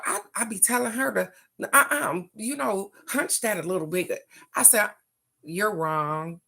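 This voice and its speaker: An older woman hosts a casual card-reading chat in a folksy manner, laughing often and stretching out words for emphasis. Her voice is lowish and gravelly with a fairly bright tone.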